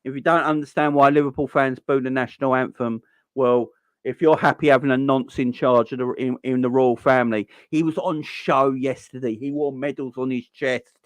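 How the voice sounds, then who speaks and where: A man, hosting a football channel, giving a heated monologue full of repeats and restarts that climbs toward near-shouting. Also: medium pitch, fairly even intonation, normal speed, no echo. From London. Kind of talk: passionate ranting monologue.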